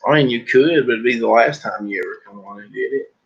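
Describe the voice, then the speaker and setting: A man's voice: medium pitch, fast talker, vocal fry, fairly bright tone, husky, muffled recording. A man hosting a casual livestream while packing books, chatting loosely and joking with viewers and a guest. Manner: joking, rambling, breaks into laughter. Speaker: livestream host. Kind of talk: casual live-stream chat.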